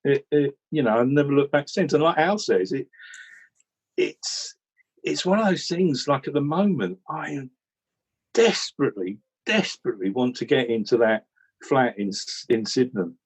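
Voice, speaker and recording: A man from England telling a rambling, animated story about joining a cricket commentary team, in casual chat with many restarts. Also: medium pitch, normal speed, breathy edge, rough recording. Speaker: regular commentator recalling how he joined.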